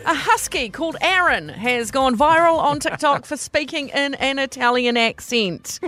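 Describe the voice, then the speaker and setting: A woman in her forties with a New Zealand accent, hosting a radio show and telling odd news stories in a lively way. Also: high-pitched, moderate pace. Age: 40s. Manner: lively, animated storyteller. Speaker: radio host. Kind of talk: breakfast radio chat and news reading.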